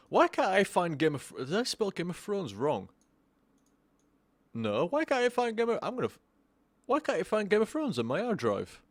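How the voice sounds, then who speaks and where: A man's voice: medium pitch, no room sound. A drunk young man streaming a game live, rambling, swearing and stammering over his own words.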